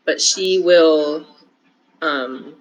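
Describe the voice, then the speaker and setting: A tabletop player speaks slowly over a call, taking time to describe what her character does. Pauses and fillers run through her turn. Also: medium pitch, low-quality recording. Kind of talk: casual tabletop play.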